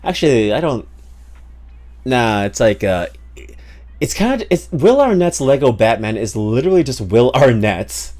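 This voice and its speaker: A man's voice: medium pitch, very animated, moderate pace, darkish tone. A man streaming a game, chatting casually and joking, rambling with many fillers. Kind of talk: casual live-stream chat.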